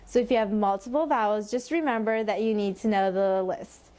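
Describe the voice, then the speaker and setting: A woman's voice: medium pitch, brisk, darkish tone. A woman teaching a language lesson, patiently explaining and modeling tones by sliding her voice up and down.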